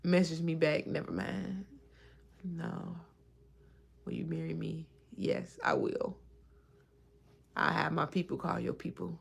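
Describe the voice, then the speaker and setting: Woman in her thirties, livestream chat, husky voice, low pitch. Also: little pitch movement, slow pace, pauses often. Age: 30s. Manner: chatty, reacts to viewer comments; laughs often while talking. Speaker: livestream host.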